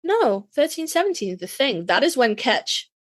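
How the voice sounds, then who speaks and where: A woman's voice: sits high, big pitch swings, normal speed. A woman co-hosting a podcast in casual chat, playfully opinionated and swearing freely. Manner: chatty, profane, playfully opinionated. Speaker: podcast co-host.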